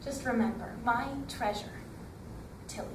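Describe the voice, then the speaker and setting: A woman's voice: fairly high pitch, unhurried, background noise. A woman performing a dramatic first-person story, with emotional, theatrical narration. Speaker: storytelling competitor. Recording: echoey hall from far off.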